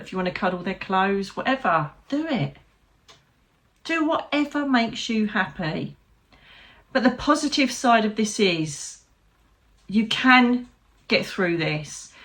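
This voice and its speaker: A British psychic medium speaks to camera in a personal vlog, her mid-range voice fairly bright. She's candid and heartfelt with her viewers, swearing frankly and adding touches of humour.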